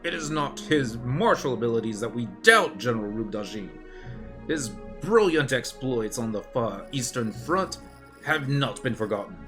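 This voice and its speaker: A man's voice: mid-range voice, big pitch swings, normal speed, a bit bright, soft background music. A man voicing a prissy, haughty male elven general who speaks in clipped, formal tones.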